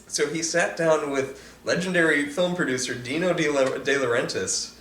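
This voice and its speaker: A man's voice: fairly high pitch, fairly even intonation, normal speed, a bit bright. A man hosting a casual film commentary podcast, talking enthusiastically with lots of "like" fillers. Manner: chatty, enthusiastic, heavy "like" filler. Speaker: podcast host. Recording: roomy echo, distant mic, faint hiss.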